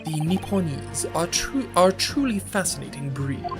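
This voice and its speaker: Give me a man playing a disdainful aristocratic British prosecutor who talks slowly. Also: on the high side, expressive. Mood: contemptuous. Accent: put-on British. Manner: slow, disdainful. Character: cold, haughty aristocratic male prosecutor. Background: game music.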